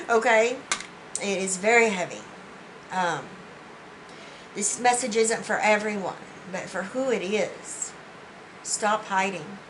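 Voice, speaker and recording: Speaking slowly with long pauses at a medium pitch, this woman reads tarot cards in a spiritual session while noise plays behind her. Her delivery is sincere and heartfelt, full of restarts and repeated "you know"s, and she seems on the verge of tears.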